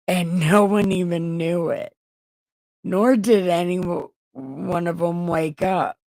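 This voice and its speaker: A woman's voice: fairly low pitch, a little mellow, dry recording. A woman livestreaming from home, reading scripture in a casual, irreverent way, crude and joking as she talks.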